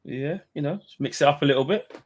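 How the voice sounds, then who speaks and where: A man's voice: a little high, quick pace. A man joining a live fan stream as co-host, chatting in an easygoing, offhand way. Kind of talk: casual chat on a live stream.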